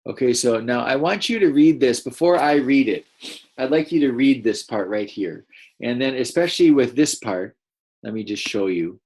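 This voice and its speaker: A man teaching a first-grade class, reading a picture book aloud and gently encouraging the children to read along. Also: mid-range voice, moderate pace, breathy edge. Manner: gentle, encouraging, explains as he goes.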